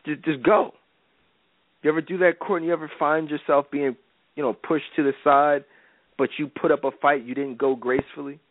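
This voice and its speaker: A man's voice: on the high side, little pitch movement, brisk, dry recording. A man hosting a faith-based advice radio show. He talks in a casual, slangy, preachy way and keeps asking "you know what I'm saying". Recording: dry, tinny phone-like radio audio.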